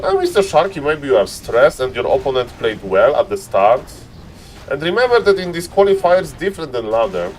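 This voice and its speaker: A man casting a strategy game live on stream, excitable, laughing often and calling out to ladies and gentlemen. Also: medium pitch, slight background noise.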